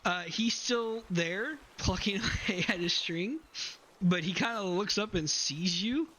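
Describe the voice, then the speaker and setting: A man's voice: high voice, lively intonation, unhurried, sharp tone. A man narrating a tabletop game as game master, laughing often as he talks.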